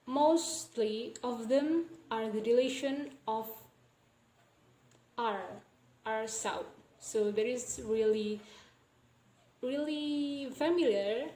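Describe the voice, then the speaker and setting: Slow-speaking young woman explaining phonetics. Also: on the high side, warm tone, roomy sound, rough recording. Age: young adult. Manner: repeats example words slowly, explaining step by step. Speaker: student presenter. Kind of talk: recorded class presentation.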